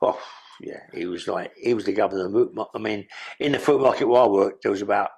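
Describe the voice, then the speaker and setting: A man's voice: lowish voice, fast talker, gravelly, darkish tone, husky. An older man with a London accent telling his life story in an interview, blunt and streetwise, swearing freely. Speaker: guest.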